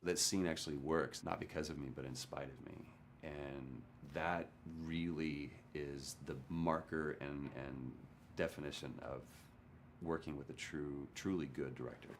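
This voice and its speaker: Very deep-voiced man telling a story. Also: unhurried, slight background noise. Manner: candid, animated, acts out quotes. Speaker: actor interviewed in a documentary. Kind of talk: storytelling interview. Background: documentary music.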